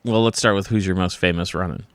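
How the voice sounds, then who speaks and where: A man's voice: deep voice, fast, clean tone, dry recording. A man hosting a podcast, telling stories in casual chat and swearing often. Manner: animated storytelling, swears often. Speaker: podcast host.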